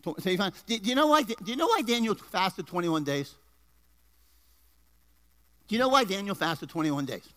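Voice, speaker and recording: A man preaching a sermon to a congregation, energetic, with rising emphasis and asides to the people in the pews. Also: high-pitched, normal speed, long pauses. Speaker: pastor. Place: church before a congregation.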